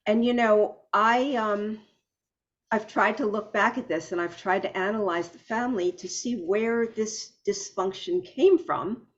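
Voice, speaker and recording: A woman hosting an interview, thoughtful and personal, speaking in a slightly halting way. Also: mid-range voice. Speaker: podcast host. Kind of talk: reflective interview talk. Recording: dull lo-fi audio.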